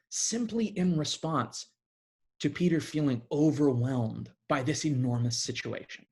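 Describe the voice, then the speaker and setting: A man preaching a sermon in a conversational, animated way, often restarting his phrases. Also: a little high, a little slow, breathy edge.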